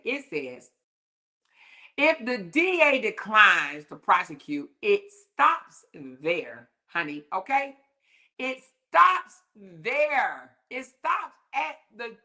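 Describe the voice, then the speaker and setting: A woman's voice: on the high side, pushed and bright. A woman hosting a casual commentary talk show, speaking sassily with lots of profanity, mockery and laughter. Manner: sassy, profane, mocking, laughs often. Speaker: commentary host.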